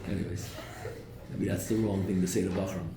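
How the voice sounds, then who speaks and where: A man's voice: sits low, flat delivery, fairly quick, recorded from a distance. A man teaching a live Torah class, quoting verses in Hebrew, translating them and quizzing his students, with a joke here and there. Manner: slips in jokes. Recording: echoey room with faint noise.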